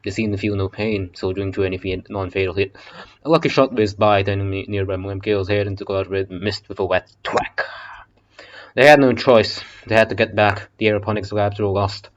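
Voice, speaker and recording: Man, casual audiobook reader, low voice, joking and cursing, lo-fi muffled audio. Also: fairly even intonation, fairly quick. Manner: swearing, joking asides. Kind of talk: casual audiobook reading with asides. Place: basement.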